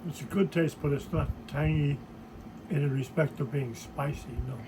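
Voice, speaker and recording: A man's voice: fairly high pitch, steady tone, normal speed, noisy background. A man in his eighties making brief, dry remarks as a taste tester. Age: 80s.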